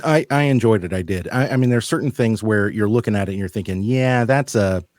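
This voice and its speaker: A man's voice: on the low side, fast, dry recording, studio quality. An American man hosting a podcast, joking and telling stories in casual chat. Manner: joking, animated storyteller. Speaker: podcast host.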